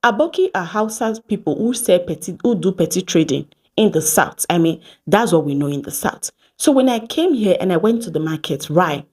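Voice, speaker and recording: Husky Nigerian woman vlogging. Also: lowish voice, normal speed, hardly any pauses. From Edo State, Nigeria. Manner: animated, mixes Pidgin phrases, acts out quoted exchanges. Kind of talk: casual storytelling to camera.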